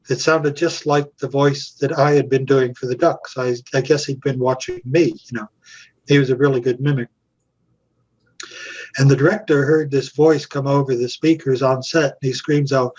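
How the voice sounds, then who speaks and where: Appearing as an interview guest, an older actor and puppeteer tells stories with lively energy, laughing softly as he performs the quotes. He speaks at a moderate pace in a mid-range voice, captured on a muffled recording.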